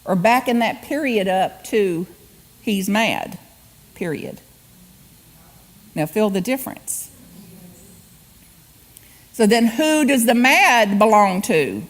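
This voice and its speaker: A woman's voice: medium pitch, animated, slow pace, pauses often. A woman guest speaker giving a humorous spiritual sermon in a church, acting out quotes and laughing often. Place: church sanctuary.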